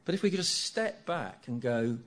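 An older man preaching a sermon, animated and jokey, acting out the congregation's reactions. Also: medium pitch, moderate pace.

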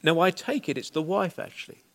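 A man's voice: fairly high pitch, animated, brisk, fairly bright tone. A middle-aged man preaching an expository sermon in an earnest, conversational way with small stammers.

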